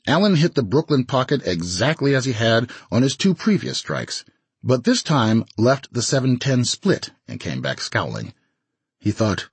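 A man's voice: medium pitch, big pitch swings, moderate pace, vocal fry, husky, no room sound. A man narrating an audiobook story expressively, in a dry studio recording. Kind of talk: scripted narration.

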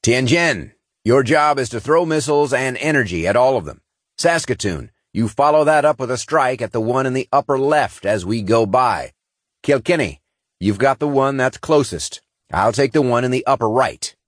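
A man voicing a stern male starship captain who barks gruff commands. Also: mid-range voice, lively intonation, moderate pace, no room sound, clean studio sound, voice pushed up, close to an everyday voice. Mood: commanding.

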